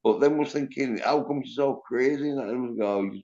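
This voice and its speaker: A man's voice: medium pitch, a little fast, warm tone. A man hosting a casual livestream chat, telling a rambling story and swearing freely. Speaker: livestream host. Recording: dull voice-chat audio.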